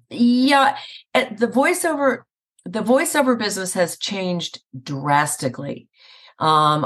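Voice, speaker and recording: A woman's voice: deep voice, fairly bright tone. A middle-aged woman voice actor chatting in an interview, telling stories and laughing often. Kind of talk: casual interview conversation. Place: Atlanta area.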